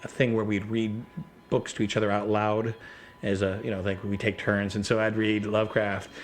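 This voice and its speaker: A man telling gaming stories in a casual chat, rambling and animated, often breaking into quoted voices. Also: fairly low pitch, moderate pace, soft background music. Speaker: podcast guest.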